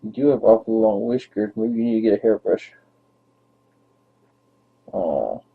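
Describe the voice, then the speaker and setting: A man's voice: lowish voice, moderate pace, vocal fry, pauses often, slightly rough. A young man rambling playfully to his dog on camera in baby talk, as a vlogger. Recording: tinny phone-like lo-fi audio.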